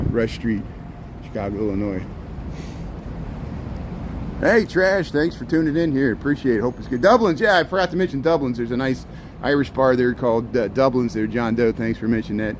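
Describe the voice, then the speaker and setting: A man giving rambling, casual commentary as he walks city streets and livestreams, with sarcastic asides. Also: mid-range voice. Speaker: walking-tour livestreamer. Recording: street noise and passing traffic.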